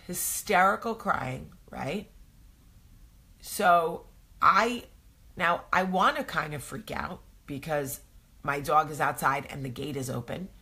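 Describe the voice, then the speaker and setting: Low, husky woman chatting slowly. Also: bright, forceful tone. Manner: rambling storyteller, many ums. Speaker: host. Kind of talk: casual morning chat.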